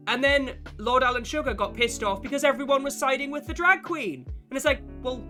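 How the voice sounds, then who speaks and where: A man's voice: extremely high pitch, fairly quick, hardly any pauses, sharp tone. A man, chatting casually and profanely with his stream chat while getting over a cough. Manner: rambling, profane and jokey, answers chat. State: lingering cough. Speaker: game streamer. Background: guitar music playing.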